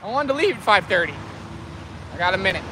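A man chatting to viewers in a casual outdoor fishing vlog, excitable and talkative, recorded on a camera mic by a canal. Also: high voice, fast, noisy background. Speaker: fishing vlogger.

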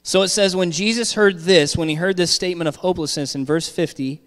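A man's voice: a little high, brisk, few pauses. Man preaching in an echoing church hall. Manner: conversational preaching with frequent "all right?" check-ins. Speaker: pastor. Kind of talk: sermon.

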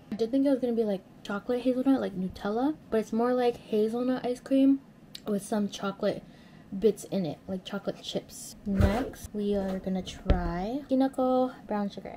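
A woman talks through a casual home vlog at a middle pitch, easygoing and chatty, sometimes sinking into a near-whisper. A clear hiss of background noise sits under the recording. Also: dark tone. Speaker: vlogger.

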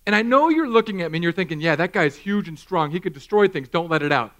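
A man in his thirties preaching a sermon in a church, animated and self-mocking, acting out little scenes. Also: sits high, fast talker. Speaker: pastor. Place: church hall.

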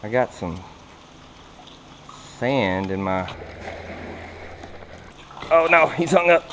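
A man films his own bass fishing by a creek beneath a bridge, drawing out his words and leaving long pauses, but he still exclaims excitedly at every catch and laughs a lot. The outdoor camera audio is noisy.

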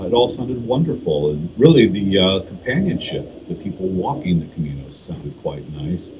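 A man from California, a guest on a podcast, recounting his travels in a measured, thoughtful way with frequent fillers. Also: deep voice, highs cut off, noisy background. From California, USA. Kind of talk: casual podcast interview.

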